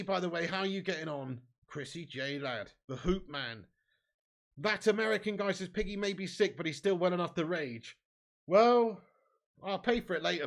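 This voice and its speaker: A man hosting a live football watch-along, excitable and sweary, swinging from low grumbling to loud shouting. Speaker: fan watch-along host.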